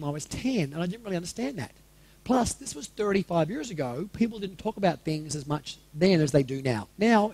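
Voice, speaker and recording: A man's voice: high-pitched, dark tone, slightly rough. A man in his forties telling a personal story to a live audience in a candid, casual way, swearing freely and asking the room questions. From Australia. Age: 40s.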